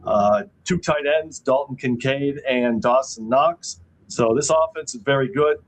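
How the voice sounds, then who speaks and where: A man's voice: medium pitch, measured pace, rough recording. Matter-of-fact man previewing a football season. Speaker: sports betting show co-host. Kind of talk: casual betting talk.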